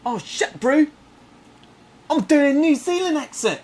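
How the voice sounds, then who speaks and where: A man putting on an exaggerated New Zealand accent as a loud, excited young bro. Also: very high voice, slow pace, pitched above the performer's own voice, exaggerated voice. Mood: hyped.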